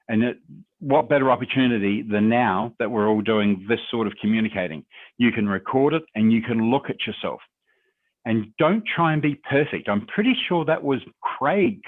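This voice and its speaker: A man's voice: medium pitch, no room sound. A man answers questions as a guest on a video call, his tone conversational and encouraging. The audio is narrow and tinny, like a phone line, and completely dry with no room around it. He reflects aloud and tags his points with rhetorical questions. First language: English. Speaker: guest speaker on public speaking. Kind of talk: webinar Q&A advice.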